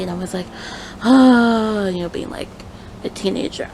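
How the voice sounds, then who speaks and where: A young woman recounts a story in a loose, rambling storytime vlog, stumbling over her words and correcting herself often. Her voice is heavily creaky and gravelly. Steady noise can be heard clearly behind her. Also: medium pitch, moderate pace. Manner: rambling, full of fillers and self-corrections. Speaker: vlogger.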